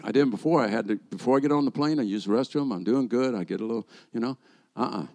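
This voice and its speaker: A man's voice: mid-range voice, fast talker. Man preaching a story-filled sermon. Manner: animated storyteller acting out dialogue. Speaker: rabbi preaching.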